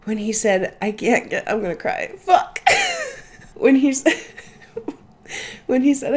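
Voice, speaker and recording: A woman's voice: a little high, a little slow, long pauses, darkish tone. A young woman hosting a reaction channel, gushing about a show in casual commentary, swearing freely and laughing often.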